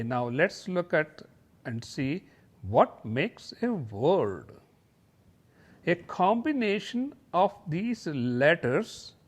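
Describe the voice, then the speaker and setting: A man teaching a kindergarten lesson over slides, explaining patiently and slowly. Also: sits high, breathy edge. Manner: slow, patient, sing-song explaining. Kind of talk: slideshow lesson for young children.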